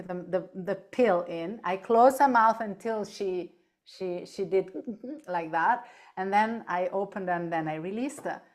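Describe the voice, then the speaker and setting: Animated woman telling stories as a guest. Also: mid-range voice. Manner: animated storyteller, often asks "right?", laughs easily. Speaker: podcast guest, animal end-of-life guide. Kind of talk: casual interview chat.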